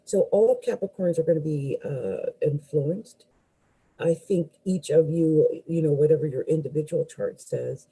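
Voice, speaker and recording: A woman's voice: low-pitched, warm tone, slightly rough, low-quality recording. A woman astrologer giving a live tarot reading, musing aloud with hesitant fillers and restarts and exclaiming in surprise as cards fall out.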